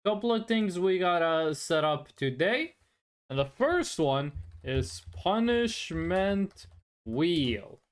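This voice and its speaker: A VTuber streamer chatting casually and playfully with viewers during a live stream, quick to laugh. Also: medium pitch, expressive, smooth.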